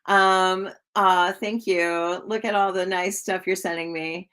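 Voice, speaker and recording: A woman giving live-stream tarot readings in a chatty, gushing way, full of likes and ums and quick laughs. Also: lowish voice, fairly even intonation, clear, resonant tone. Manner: chatty, warm to viewers, laughs often. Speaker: tarot reader.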